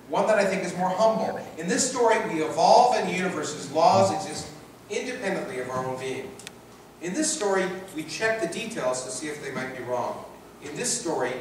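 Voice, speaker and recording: A man's voice: a little high, distant mic, noisy background. A man with a Canadian accent giving a public lecture and reading from his book, emphatic and rhetorical, with phrases built up in repetition. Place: large lecture hall. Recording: echoey hall recorded from afar.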